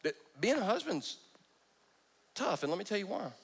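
Animated preacher man, lively pitch. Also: moderate pace, gravelly, breathy edge. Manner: animated, joking preacher who keeps breaking off his own sentences. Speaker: pastor. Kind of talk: sermon. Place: church.

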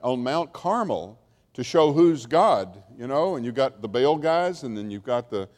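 A man's voice: mid-range voice, very animated, measured pace, a little mellow. Male Bible teacher, informal and wry with asides, mid-range voice, recorded in a reverberant hall. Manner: chatty, wry, asides and chuckles. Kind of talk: informal lecture storytelling.

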